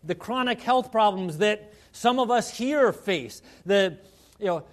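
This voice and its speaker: A man preaching a sermon as pastor, in a conversational style full of asides, moving between hushed and emphatic delivery. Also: high voice, expressive, unhurried.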